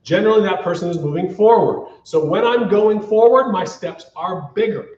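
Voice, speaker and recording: Dance teacher counting beats in an echoey studio. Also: male voice, sits high, moderate pace, a little mellow. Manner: counts beats aloud, checks in with "all right?". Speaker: ballroom dance instructor. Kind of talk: live-streamed dance class. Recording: echoey, distant, muffled studio sound.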